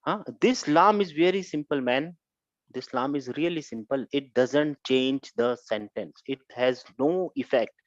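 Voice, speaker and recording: A man's voice: mid-range voice, measured pace, no echo. Guy teaching grammar, says stuff twice and keeps going "huh?", dry dull lo-fi audio. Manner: repetitive, keeps checking with "Huh?". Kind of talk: online grammar lesson. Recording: dull lo-fi recording.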